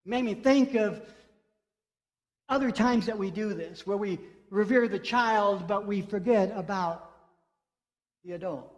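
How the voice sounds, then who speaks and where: A pastor with a high-pitched voice preaches unhurriedly, pausing often as he tells a story and repeats phrases to drive them home. The church sanctuary adds a long reverb to the recording.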